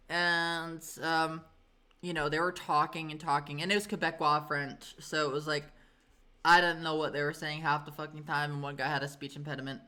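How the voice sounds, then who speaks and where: A woman's voice: low-pitched, normal speed, sharp tone. A woman streamer telling a story in a casual, chatty way, swearing often and filling with "like" and "um".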